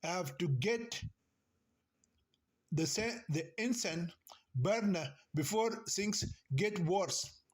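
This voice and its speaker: A man reading the lines of an older aunt in a novel, superstitious, bossy and caring, in a slow and earnest delivery. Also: high voice, animated. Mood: insistent.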